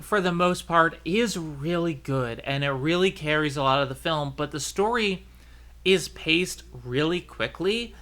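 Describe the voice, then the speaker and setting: High, bright-voiced man chatting casually. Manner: chatty, rambling with fillers and restarts. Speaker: podcast host. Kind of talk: casual chat.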